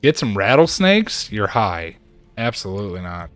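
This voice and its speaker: A man streaming a game and chatting casually, ranting in an animated way and jumping to high exclaims. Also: moderate pace, no echo, faint music behind. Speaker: gaming streamer. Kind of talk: casual chat while playing a game.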